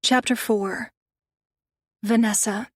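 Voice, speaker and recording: A woman reading a first-person romance audiobook in a measured, wistful way. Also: medium pitch, fairly even intonation, no echo, studio quality. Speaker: audiobook narrator.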